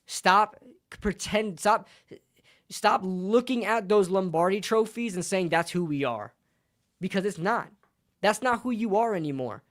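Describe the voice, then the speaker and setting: A man's voice: sits high, measured pace, fairly bright tone. A man hosting a sports channel, passionately arguing an opinion and repeating points for emphasis. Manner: passionate, repetitive, argumentative.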